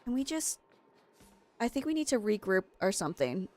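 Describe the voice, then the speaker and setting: A young woman streaming a game, frantic and excitable, laughing at her own stress. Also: medium pitch, moderate pace. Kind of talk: gameplay commentary.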